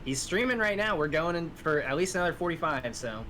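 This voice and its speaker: A young man on a gaming stream, joking in a laid-back way with a bright, edgy voice. He mutters asides to himself, with faint background noise. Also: a little high, expressive, a little fast. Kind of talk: casual gaming stream chat.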